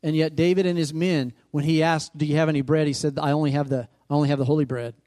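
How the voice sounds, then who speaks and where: This preacher speaks quickly in a fairly high, mellow male voice with a steady tone. In his sermon he recounts scripture, pitches questions at the congregation, and lets his emphasis climb.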